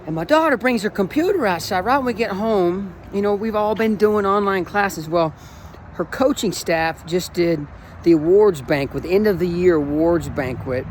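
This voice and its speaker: High-voiced emotional coach in his forties. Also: moderate pace, slight background noise. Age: 40s. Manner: enthusiastic, emotional, rambling with restarts. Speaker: running coach. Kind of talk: casual motivational vlog.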